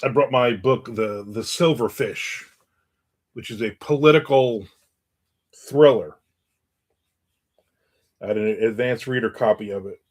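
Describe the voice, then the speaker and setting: A man's voice: medium pitch, a little slow, pauses often. A man who writes books, hosting his own stream in casual talk, telling stories and reacting to viewer comments. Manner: rambling, anecdotal, reads viewer comments aloud. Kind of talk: casual chat and storytelling.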